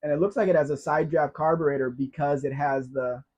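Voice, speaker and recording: This American live stream host, from the United States, has a slightly high, a little mellow voice with fairly even intonation and a somewhat fast pace. He chats casually during a live Q&A and reads viewer comments aloud, captured in dull lo-fi audio.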